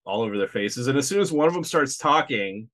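A man co-hosting a podcast, talking through a film in a rambling, animated way with lots of fillers. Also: mid-range voice, fairly quick. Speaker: podcast co-host. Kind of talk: casual movie review chat.

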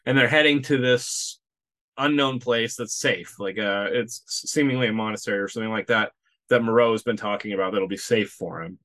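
A man co-hosting a podcast, talking through a film in a rambling, animated way with lots of fillers. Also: on the low side, brisk. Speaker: podcast co-host. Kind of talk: casual movie review chat.

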